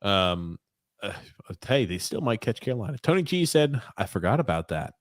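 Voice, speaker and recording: Laid-back male podcast co-host, lowish voice, dry and close, reads viewer comments with wry remarks. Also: very animated, moderate pace, no room sound. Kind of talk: casual sports podcast chat.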